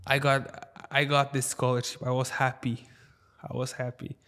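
A man's voice: mid-range voice, completely flat delivery, moderate pace, fairly bright tone. Young Uzbek man telling his story. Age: young adult. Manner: rambling storyteller, many fillers and restarts. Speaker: guest. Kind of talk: casual podcast interview.

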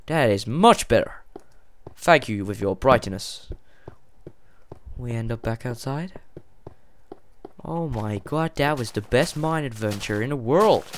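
Male gamer, mid-pitched, jumpy and rambling, lively up-and-down delivery. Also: slow, pauses often, slight background noise. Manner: excitable, jumpy, rambling, swears and yelps. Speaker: let's play gamer. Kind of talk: casual gameplay commentary.

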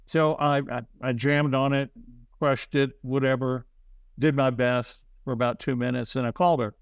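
Halting, self-deprecating storytelling man. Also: mid-range voice, steady tone, clean tone, dry recording. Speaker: interview guest. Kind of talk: casual storytelling.

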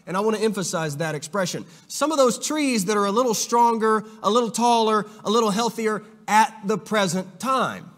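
A man with a fairly high voice delivers an earnest sermon, often doubling words as he restarts a thought. His voice rings out with a long reverb from a church hall. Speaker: preacher. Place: church auditorium.

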